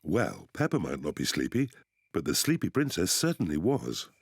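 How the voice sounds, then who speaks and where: A man's voice: low-pitched, wildly swooping pitch, normal speed, gravelly, breathy edge, no room sound, heavily acted. A man voicing a jolly, bumbling father pig in a cartoon, telling a bedtime story in a hearty, chuckling manner. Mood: storytelling. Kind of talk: cartoon voice acting.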